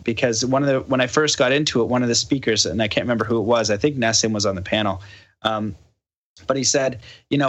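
Bright-voiced man telling a story. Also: medium pitch. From Canada. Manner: animated, acts out quoted dialogue. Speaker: podcast guest. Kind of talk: casual storytelling.

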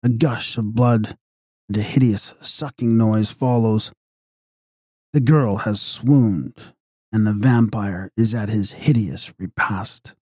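A man narrating a gothic novel as an audiobook with a steady, measured reading. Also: on the low side, breathy edge, no room sound, clean studio sound.

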